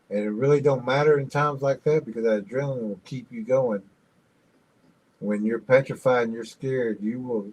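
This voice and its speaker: A man talks through a clip in a casual reaction video. His voice sits at an ordinary pitch, and he goes slowly and thoughtfully, explaining the story step by step. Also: a little mellow, poor audio. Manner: slow, reflective, retells and explains the story.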